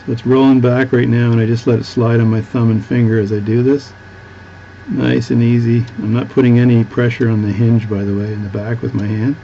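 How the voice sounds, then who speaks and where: A man's voice: medium pitch, vocal fry, warm tone, dull audio, slight background noise. A Canadian man with a Canadian accent, chatting casually as he works through a watch repair, rambling and restarting often. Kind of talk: casual workbench tutorial.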